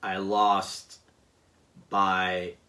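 A man chatting casually, rambling and pausing with many fillers as he recounts a season of a football video game. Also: deep voice, completely flat delivery, pushed and bright, recorded from a distance. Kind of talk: casual chat.

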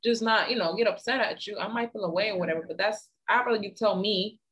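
A woman's voice: medium pitch, quick pace, fairly bright tone. A woman co-hosting a casual chat, earnest and teasing by turns. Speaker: podcast co-host.

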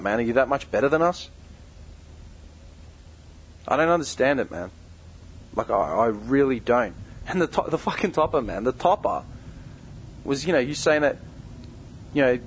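A man's voice: mid-range voice, slight background noise, poor audio. A young man who co-hosts a podcast, delivering a heated, confrontational rant full of swearing. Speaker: podcast co-host. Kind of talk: angry direct-address rant.

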